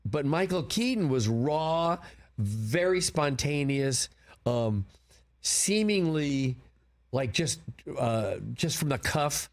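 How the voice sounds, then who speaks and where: Older male guest, mid-pitched, rambling storyteller in an interview. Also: takes it slowly. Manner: rambling anecdotes, animated quoting. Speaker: film producer, guest. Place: broadcast studio.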